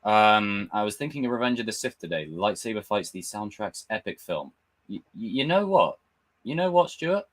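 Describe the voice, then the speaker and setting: A man's voice: lowish voice, moderate pace, a little hiss or hum. A young man hosting a live stream, chatting casually and ranting with lots of swearing. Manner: animated, swearing, ranting fan. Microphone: desk mic with camera.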